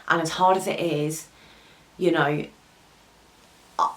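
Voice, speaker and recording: A woman's voice: sits low, poor audio. A young woman vlogger talking candidly to camera in a heartfelt, confiding way, with hesitant ums, at times near tears. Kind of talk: candid personal talk to camera.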